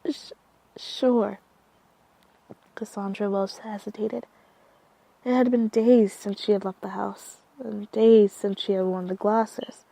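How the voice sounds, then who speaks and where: A woman reading a horror story aloud in a slow, measured way. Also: mid-range voice, little pitch movement, gravelly, warm tone, dry recording. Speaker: narrator.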